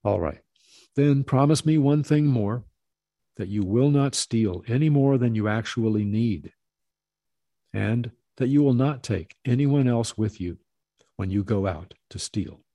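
A man voicing a calm, kindly spiritual master who speaks gently and in measured words. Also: mid-range voice, dry recording. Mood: firm. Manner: gentle, soft-spoken, measured.

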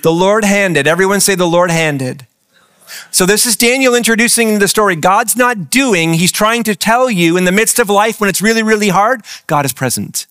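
A man's voice: sits high, moderate pace, a bit bright, smooth, no room sound, clean studio sound. A man preaching a sermon as pastor, asking the congregation questions as he goes. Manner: engaging, asks the congregation questions. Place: church with several campuses.

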